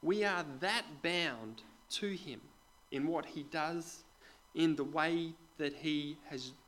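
A man preaching a sermon to a congregation in a conversational way, putting questions to the listeners and dropping into quiet asides. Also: a little high, takes it slowly, low-quality recording. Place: church with a congregation.

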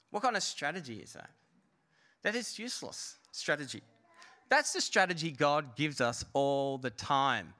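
A man giving a sermon with a bright, forceful tone and a somewhat high voice. He preaches in a relaxed, conversational way, often pausing to pose rhetorical questions. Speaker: pastor.

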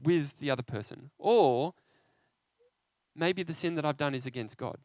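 A man preaching an interactive sermon, animated and conversational, often asking his listeners questions. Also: fairly high pitch, moderate pace, dry recording.

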